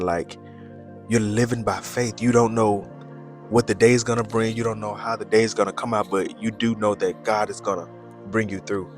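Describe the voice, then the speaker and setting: A young man, talking loosely in a casual vlog and reflecting on faith with preacher-like emphasis. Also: lowish voice. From Birmingham, Alabama, USA. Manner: loose and chatty, repeats phrases, preacher-like emphasis. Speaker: faith vlogger.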